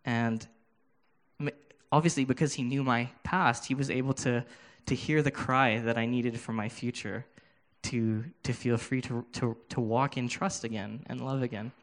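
A man giving a sermon with a personal testimony, earnest and halting, often restarting his words, speaking into a handheld microphone. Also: medium pitch, fairly even intonation. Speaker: preacher.

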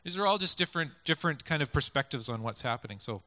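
Man, preacher, conversational sermon, fairly high voice, muffled lo-fi recording. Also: animated, fast talker, dry recording. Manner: conversational, invites listeners to picture scenes. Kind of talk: sermon with scripture reading. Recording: dull lo-fi recording.

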